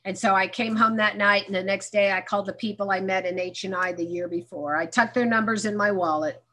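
Husky woman telling a candid recovery story. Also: medium pitch, steady tone, brisk, pushed and bright. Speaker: speaker sharing her recovery story. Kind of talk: personal testimony talk.

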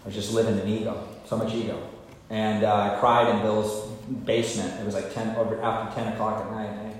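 A man's voice: on the low side, level tone, a little fast. A man speaking candidly at a recovery meeting, telling his own story in a confessional, self-mocking way. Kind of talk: personal recovery story talk. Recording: echoey hall with faint noise.

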